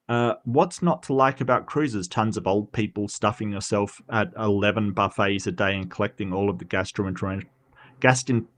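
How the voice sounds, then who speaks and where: An Australian man hosting a stream, chatting casually and reading posts aloud, animated with lots of fillers and restarts. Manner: animated, quick pitch jumps, frequent fillers and restarts. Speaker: streamer host.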